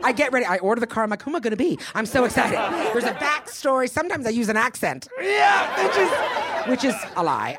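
A woman doing a stand-up comedy set on a club stage, brash and profane, with a punchy delivery into a handheld mic. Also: lowish voice. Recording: live club recording with loud crowd and noise.

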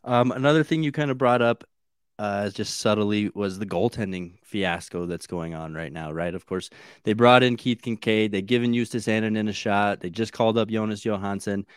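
Steady lower-voiced American podcast co-host. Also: male voice, moderate pace, clear, resonant tone, dry recording, studio quality. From United States. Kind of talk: casual sports chat.

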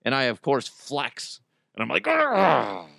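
A man in his thirties hosting a podcast, telling a story in casual chat, animated and profane, with his voice jumping up in outbursts, on a close microphone. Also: medium pitch, moderate pace, gravelly, no room sound. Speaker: podcast host. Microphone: close studio microphone.

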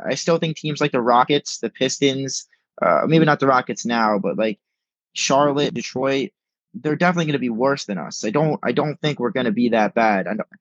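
A man's voice: medium pitch, no echo. A young man as a guest on a sports podcast, speaking emphatically and repeating words as he thinks, heard over a remote call. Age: young adult. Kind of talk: casual sports podcast chat. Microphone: remote call microphone. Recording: dull lo-fi remote call audio.

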